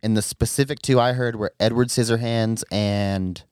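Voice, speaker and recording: A man co-hosting a casual podcast chat, excitable and swearing a lot, his voice jumping up when he gets worked up. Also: medium pitch, normal speed, clean tone, dry recording, clean studio sound. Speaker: podcast co-host.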